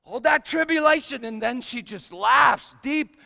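Very high voiced man preaching a funny story monologue, wry, long hall echo. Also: unhurried, gravelly. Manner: wry storytelling, shifts from quiet to loud. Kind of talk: comic first-person sermon monologue.

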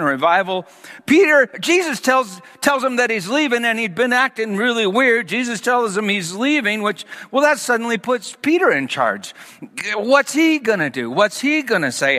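A man preaching a sermon, reading scripture slowly and then expounding it with growing animation. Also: sits high, sharp tone, big-room sound. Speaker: pastor.

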